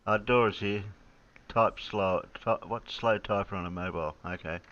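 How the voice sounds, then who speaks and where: A man hosts a relaxed livestream chat, greeting viewers by name and chuckling as he goes. His voice is bright and pressed, slightly low, and the audio has a dull, lo-fi quality. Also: moderate pace. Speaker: livestream host. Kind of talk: casual group chat on a livestream.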